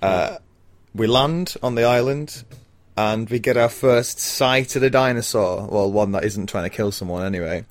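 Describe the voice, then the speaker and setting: A man's voice: fairly low pitch, normal speed. A man in his thirties co-hosting a casual film podcast, often laughing and talking with many fillers and restarts. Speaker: podcast co-host.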